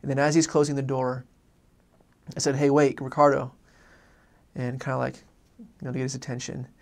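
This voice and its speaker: A man recounting a faith story from his missionary days, earnest and halting, often restarting his sentences. His voice is gravelly with a flat, level pitch. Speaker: former missionary. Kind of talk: personal faith testimony story.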